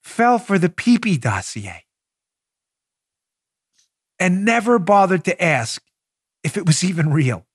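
A man's voice: high-pitched, slow, long pauses, breathy edge, dry recording, clean studio sound. A man hosting a political talk show, mocking his targets with sarcasm and acted-out scenes. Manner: sarcastic, animated, acts out scenes.

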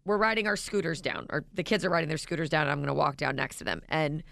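A woman's voice: low voice, fast, gravelly, dry recording. A woman co-hosting a radio show, telling a story in casual chat and acting out the quotes with gusto. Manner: animated storyteller who acts out quotes.

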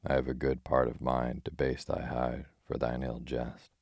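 A man voicing a gruff, quick-tempered tinker who speaks bluntly in old-fashioned words, in an audiobook reading. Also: a bass voice, monotone, darkish tone, no room sound, studio quality, exaggerated voice. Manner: blunt, archaic speech, scolding.

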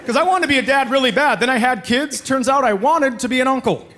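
A man's voice: very high voice, quick pace. A man in his thirties doing a sarcastic stand-up comedy set on a club stage, jumping into mocking voices. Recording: live club recording with crowd laughter and noise.

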